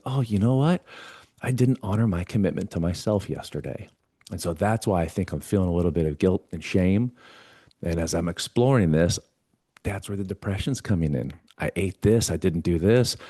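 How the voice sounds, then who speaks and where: A man's voice: low voice, dark tone, no room sound, studio quality. A man guest on a talk show, telling his story earnestly and acting out the voices of himself and a mentor. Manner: earnest, acts out quoted dialogue with himself and a mentor. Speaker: podcast guest. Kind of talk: conversational storytelling.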